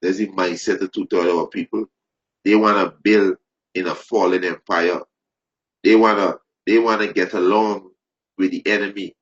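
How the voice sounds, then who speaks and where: A man preaching fervently, repeating phrases, restarting sentences and rising into loud emphasis. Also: sits low, steady tone, moderate pace. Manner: repetitive, stumbling restarts, rising to shouted emphasis. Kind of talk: impassioned preaching. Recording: dull lo-fi recording.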